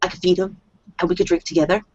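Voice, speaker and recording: A woman voicing an excitable young woman at a bar who gushes over animals. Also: fairly low pitch, racing, husky. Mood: ecstatic. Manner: gushing, squealing over a kitten. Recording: dull lo-fi dry recording.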